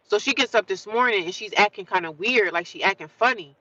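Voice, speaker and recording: A woman's voice: medium pitch, fairly quick, hardly any pauses, bright, forceful tone, dry recording, muffled recording. A woman hosting a casual livestream, talking straight to her viewers, greeting them by name and often repeating herself as she goes. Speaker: livestream host.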